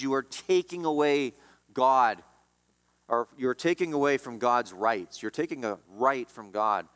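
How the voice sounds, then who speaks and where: Man preaching, fairly high voice, emphatic, swings loud and soft, long hall reverb. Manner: emphatic preaching, rising and dropping in pitch and volume. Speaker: pastor. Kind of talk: sermon.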